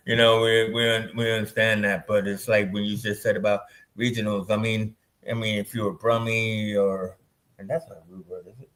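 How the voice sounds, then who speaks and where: A man's voice: on the low side, normal speed, a bit bright. A man, a filmmaker guest in an interview, easygoing and laughing often. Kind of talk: casual interview chat.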